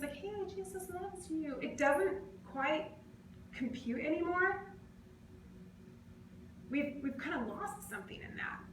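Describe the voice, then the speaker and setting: A woman giving a casual, conversational sermon in a church, animated and playfully acting out other people's voices. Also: high voice. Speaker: preacher. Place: church sanctuary. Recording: echoey church room, faint noise.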